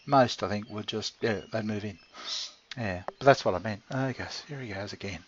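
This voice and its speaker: A man's voice: fairly low pitch, moderate pace, slight background noise. A middle-aged man rambling casually to his pet, swearing freely and chuckling often. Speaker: channel host talking to his pet. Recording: dull lo-fi recording.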